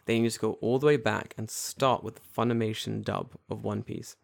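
A man's voice: on the low side, steady tone, fairly quick, vocal fry. A man in casual chat, blunt and jokey, with frequent swearing.

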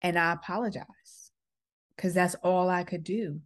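Low-voiced woman telling an emotional story. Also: steady tone, a little slow. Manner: earnest, acts out quoted exchanges. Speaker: podcast host, former principal.

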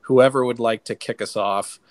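A man's voice: mid-range voice, fairly even intonation, moderate pace, no echo. A man hosting a casual film podcast, talking loosely with lots of fillers and plenty of enthusiasm. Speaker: podcast host. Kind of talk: casual movie discussion.

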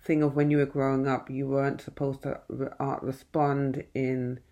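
A podcast host with a voice of middling pitch. They lead a casual interview, asking curious follow-up questions. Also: flat delivery, moderate pace, warm tone, muffled recording.

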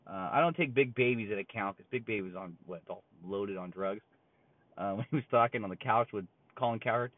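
A man's voice: lowish voice, brisk, no room sound. Male sports talker, casual blunt rambling delivery, lo-fi phone-line quality. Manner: rambling, blunt, frequent fillers and restarts. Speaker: sports commentator. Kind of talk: casual sports opinion rant. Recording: tinny phone-like sound, dry.

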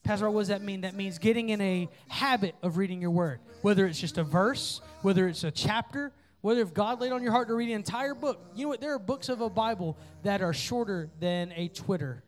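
A young man preaching to a youth group, playful and joking with the crowd, then rising to energetic calls for response. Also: sits high, fairly quick, few pauses, faint music behind. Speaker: youth pastor. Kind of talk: sermon.

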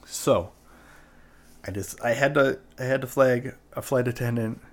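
A man's voice: mid-range voice, unhurried. A man from Canada telling a personal anecdote in a casual, profane, rambling way, full of "like" and "right?". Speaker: storyteller.

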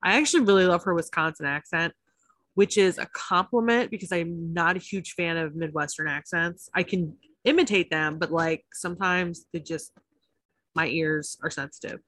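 A woman co-hosting a chatty podcast with a notably low voice. She talks freely, swears often and breaks into animated asides. The sound is dry and close. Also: moderate pace, dry recording. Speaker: podcast co-host. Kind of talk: casual chat about reality TV.

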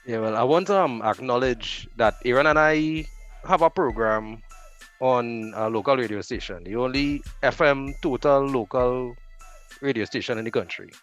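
A man with a Trinidadian accent, a radio host chatting as a podcast guest, telling animated stories. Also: medium pitch, normal speed, soft background music. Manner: animated storyteller, laughs easily. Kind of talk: casual chat.

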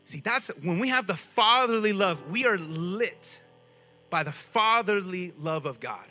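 A man preaching a sermon in a casual, animated way, often asking his listeners questions. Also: high-pitched, unhurried, faint music behind. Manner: casual speech. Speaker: pastor.

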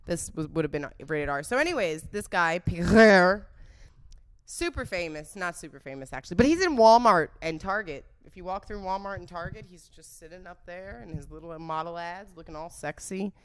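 A woman's voice: on the low side, animated, brisk, hardly any pauses, clean tone. A young woman telling a candid, profane dating story in casual chat, giggling as she goes.

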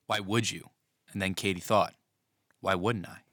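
A man giving scripted podcast narration in a measured way, posing questions to the listener. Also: sits low, fairly even intonation, a bit bright, dry recording, clean studio sound.

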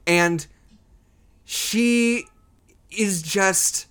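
A man's voice: high-pitched, very slow, smooth. A man hosting a casual film podcast, telling stories with joking exaggeration. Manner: animated, joking, tells stories with playful exaggeration. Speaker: podcast host. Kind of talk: casual chat.

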